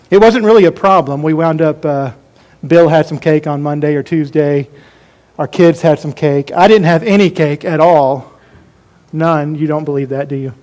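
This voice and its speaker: A man's voice: fairly high pitch, normal speed, darkish tone. A man preaching a sermon as pastor, folksy and joking as he talks to his congregation.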